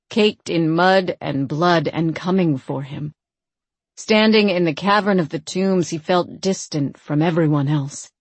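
A woman narrates a fantasy audiobook at a slow, deliberate pace. Her voice sits a little low, and the recording is close and dry with no room sound. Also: darkish tone, husky, no echo. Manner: measured, unhurried storytelling.

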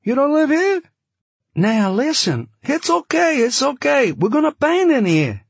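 A man voicing a huge, pushy young man with a slight Yiddish accent, an oddly high-pitched voice and broken English, in an audiobook. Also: sing-song, a little slow, vocal fry, no room sound, full character voice. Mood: insistent. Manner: loud, insistent, repeats questions. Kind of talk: audiobook narration.

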